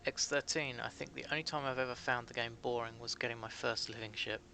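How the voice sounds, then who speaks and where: A man's voice: mid-range voice, steady tone, fast talker, creaky, pushed and bright, slight background noise. A British man chatting casually with his live-stream chat while playing a game, joking at his own expense. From Britain.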